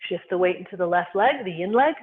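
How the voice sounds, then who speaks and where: A qigong instructor guiding movement and breathing, giving calm, unhurried cues in short phrases. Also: medium pitch. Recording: tinny phone-like sound.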